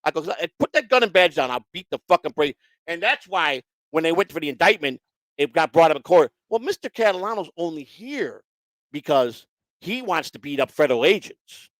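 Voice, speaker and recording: Speaking a little high and briskly, a man hosting a laid-back online show delivers a long story packed with profanity, acting out the people in it with animation. The recording is dry and low in quality.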